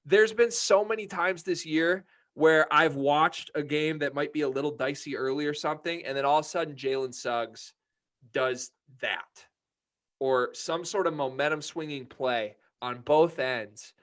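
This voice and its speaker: A man's voice: on the high side, unhurried, a bit bright. Fired-up young man ranting about sports. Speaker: podcast co-host. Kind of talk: casual sports podcast chat.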